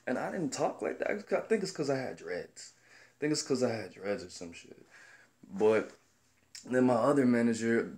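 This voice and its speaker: A man's voice: mid-range voice, lively intonation, moderate pace, a little mellow. A young man from the Chicago area, talking casually and bluntly to camera, profane and rambling as he tells stories. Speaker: commentator.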